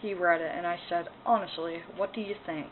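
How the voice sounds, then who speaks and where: A woman's voice: lowish voice, steady tone, a little fast. A woman ranting in a personal vlog, angry, upset and emotional, swearing as she talks. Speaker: vlogger. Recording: tinny phone-like sound, faint noise.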